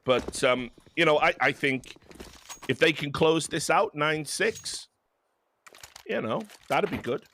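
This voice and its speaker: A man's voice: fairly high pitch, takes it slowly, pushed and bright, a little hiss or hum. A man, casually commentating a game and telling rambling, self-mocking stories. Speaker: esports caster.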